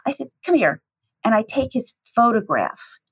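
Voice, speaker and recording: A breathy, slightly husky woman in middle age spins a personal story at a lively clip. She acts out every exchange, climbing high for the startled voices she quotes and settling low for her own asides. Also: normal speed, low-quality recording. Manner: lively, acts out dialogue with shifting pitch. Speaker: teacher telling a personal story.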